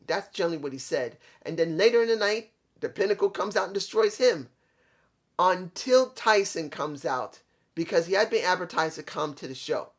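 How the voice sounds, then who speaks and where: A man's voice: high-pitched, moderate pace. A man reviewing a wrestling show in a casual vlog, rambling, repeating himself and talking straight to his viewers.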